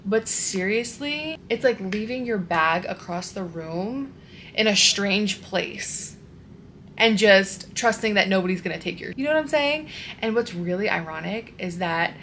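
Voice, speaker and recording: A young woman vlogger telling a frustrated storytime to her camera, animated and full of "like". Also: medium pitch, unhurried, a little hiss or hum. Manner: animated, exasperated storytelling with frequent "like". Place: at home, wearing a sheet mask.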